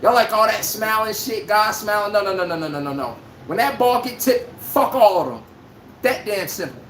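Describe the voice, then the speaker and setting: Male livestream sports host, loud and profane, speech, echoey room, faint background noise. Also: high voice, normal speed. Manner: animated, profane, trash-talking. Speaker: podcast host. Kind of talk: casual sports commentary livestream.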